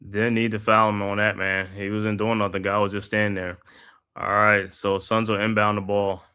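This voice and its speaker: Hosting a live watch-party stream, a man calls the game play by play in a steady flow, tossing in slangy casual asides. His voice is lowish and clean, at a normal speed.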